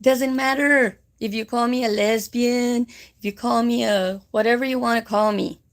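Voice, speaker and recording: A woman hosts a live stream, telling a story in a rambling, chatty way full of fillers. Her voice sits somewhat high and has a gravelly, fry-filled texture. She slips Spanish phrases into her English. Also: fairly even intonation, moderate pace. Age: 50s.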